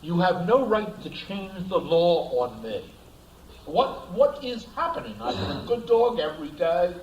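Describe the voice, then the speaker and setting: A bewildered, wronged male dog pleads and protests, as a man puts him on. His voice rises in lively, questioning lines and sounds a little higher than plain speech. It echoes in a roomy space over a faint hiss. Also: a little slow, muffled recording, exaggerated voice. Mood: indignant.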